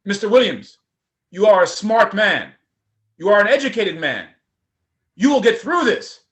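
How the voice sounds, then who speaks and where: A man's voice: high voice, sing-song, a little slow, a bit bright, exaggerated voice. A man voicing an earnest, encouraging Nigerian prison guard with a Nigerian accent.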